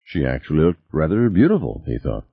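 A man narrating an audiobook in an expressive reading, on a slightly dull recording. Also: extremely low pitch, brisk, vocal fry, dry recording. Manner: expressive reading with character voices.

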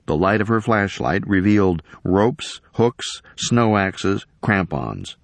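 A man reading a story aloud in measured scripted narration. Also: on the low side, animated, vocal fry, no room sound. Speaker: audiobook narrator.

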